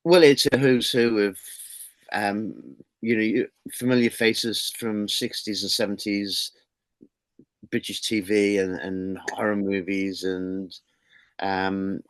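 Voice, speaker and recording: A man's voice: on the low side, steady tone, slow, no room sound. A middle-aged man, a horror magazine publisher, chatting as an interview guest with an enthusiastic, rambling manner and frequent restarts. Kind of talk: casual interview chat.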